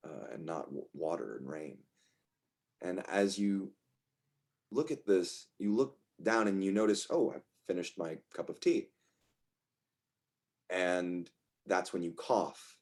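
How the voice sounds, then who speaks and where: A man with a fairly low voice narrates as game master. He paints dream scenes softly and slowly, often restarting his sentences. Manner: soft, slow descriptive narration with restarts.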